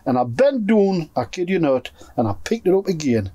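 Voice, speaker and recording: A man's voice: fairly high pitch, sing-song, normal speed, dark tone, no room sound. A man with a Geordie accent telling a long story to friends in a pigeon loft, swearing constantly and acting out what everyone said. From North East England. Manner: swears constantly, acts out other people's lines. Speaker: pigeon fancier telling stories. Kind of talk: casual storytelling among friends.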